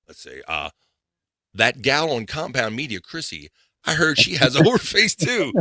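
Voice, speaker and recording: Lively, bright-voiced man hosting a stream. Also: medium pitch, normal speed, no room sound, clean studio sound. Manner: rambling, laughing, mutters while clicking through chat. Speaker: podcast host. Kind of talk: casual live-stream chat.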